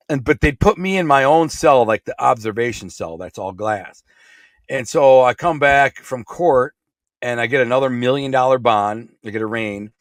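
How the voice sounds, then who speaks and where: A man's voice: mid-range voice, no room sound, clean studio sound. A middle-aged man from Michigan with a Michigan accent, telling a rambling story in blunt, streetwise words as a podcast guest. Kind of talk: casual storytelling.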